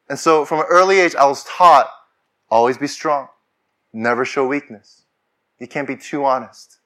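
A man's voice: medium pitch, normal speed, a bit bright. A man preaching a sermon as pastor, talking conversationally and rising to fervent declarations.

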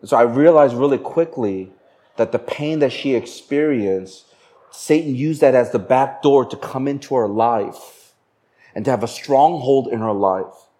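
A male pastor telling a story in a sermon, animated and swinging between raised and hushed delivery. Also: medium pitch.

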